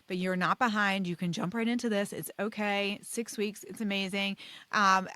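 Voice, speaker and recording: A woman's voice: mid-range voice, fairly bright tone, smooth, no room sound. A woman hosting a weight loss podcast, talking casually and encouragingly to listeners, filling her speech with "like" and "okay?". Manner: encouraging, chatty, many fillers like "like" and "okay?". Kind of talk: casual solo podcast coaching talk.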